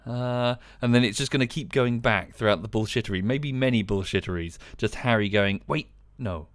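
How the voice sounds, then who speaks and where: A man's voice: on the low side, brisk, dry recording. A man, chatting casually on a live game stream, tired and dry, rambling with frequent ums.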